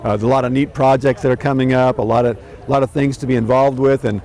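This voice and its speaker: Fast-talking man in an outdoor interview. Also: medium pitch, steady tone, darkish tone. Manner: plain, slightly halting. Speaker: retiring city official. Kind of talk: interview clip.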